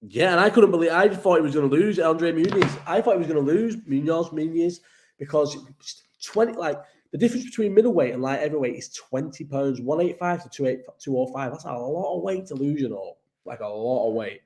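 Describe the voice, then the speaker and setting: A man's voice: a little high, animated, a little fast, darkish tone. A man from Bolton, hosting casual fight talk, thinking aloud and swearing. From Bolton, England. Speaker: host. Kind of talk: casual solo fight commentary.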